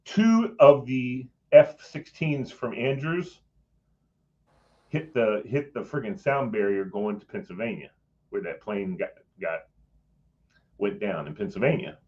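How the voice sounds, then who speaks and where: This middle-aged guest has a fairly low pitch and an unhurried delivery, and the audio is dull. Recounting a personal story in casual chat, he gets animated, acts out people's lines, and chuckles along the way.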